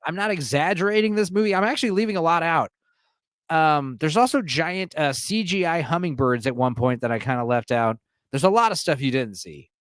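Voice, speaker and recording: A man's voice: on the high side, animated, fairly quick, a bit bright, smooth, no room sound, studio quality. A man streaming alone, giving a casual, profane movie recap and laughing often.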